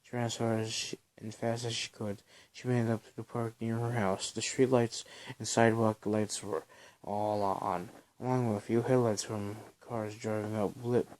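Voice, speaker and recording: A man reading his own story aloud on a phone recording, halting, with small slips. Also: fairly low pitch, flat delivery, a little mellow.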